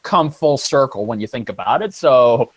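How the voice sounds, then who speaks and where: A podcast co-host in casual chat, excitable and quick to exclaim. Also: mid-range voice, dry recording.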